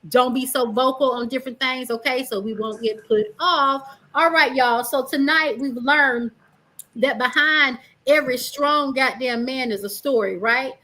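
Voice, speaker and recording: Brash female livestream host, high bright voice, sassy and profane while reading comments. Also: measured pace, rough recording. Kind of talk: reading live comments aloud on a stream.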